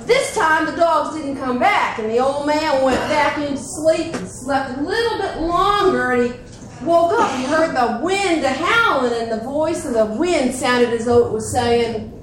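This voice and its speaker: A woman telling a folk tale at a festival, slow and dramatic with hushed suspense, recorded at a distance in an echoey, noisy space. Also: sits high, lively intonation. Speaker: storyteller. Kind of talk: live folk storytelling. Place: festival stage.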